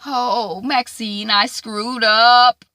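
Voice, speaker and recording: A woman voicing a tearful young woman who pleads slowly and in a high voice at a hospital bedside. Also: steady tone, sharp tone, no echo, studio quality, exaggerated voice. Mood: pleading.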